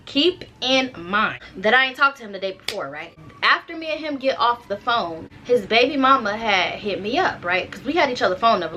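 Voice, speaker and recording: A woman's voice: a little high, sharp tone, a little hiss or hum. A young woman casually telling a personal story straight to her viewers, chatty and slangy, often turning to the audience to check they follow. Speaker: storytime vlogger.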